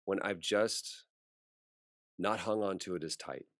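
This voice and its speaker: Male voice actor, deep and dry-miked, a relaxed interview guest who brings his anecdotes to life. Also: a little slow, no room sound. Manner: animated storyteller acting out quoted voices. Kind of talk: casual interview storytelling.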